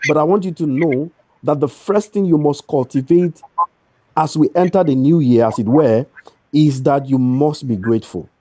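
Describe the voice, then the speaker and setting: A man's voice: a little high, normal speed, warm tone, no echo. A man giving an emphatic motivational talk, repeating his key lines over a video call. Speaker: guest speaker.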